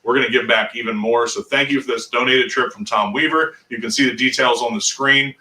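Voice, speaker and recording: A man's voice: mid-range voice, fairly even intonation, fairly quick, pushed and bright, far from the mic. A man hosting a live charity fundraiser from a fishing shop, chatty and enthusiastic. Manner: chatty, enthusiastic, thanks supporters. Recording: echoey shop, off-mic.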